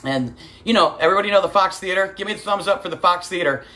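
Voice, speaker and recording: A woman's voice: on the low side, quick pace, noisy background. Chatty woman hosting a cooking show. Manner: chatty storyteller, greets viewers by name, calls audience kids. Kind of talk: casual livestreamed cooking demo. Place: home kitchen.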